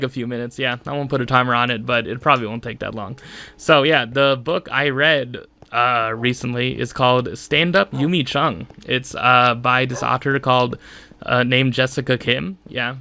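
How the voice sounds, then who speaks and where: Young man, solo podcast host, rambling casual talk, frequent laughter, bright tone. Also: medium pitch, vocal fry. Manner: rambling, laughs often, lots of fillers like "man".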